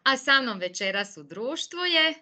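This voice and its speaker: A woman from Croatia opens an online webinar on a video call, talking through the practical notices. Her voice is bright and sits slightly high. Her delivery is hesitant and sprinkled with small filler sounds. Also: big pitch swings, normal speed. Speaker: webinar host. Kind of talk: webinar announcements.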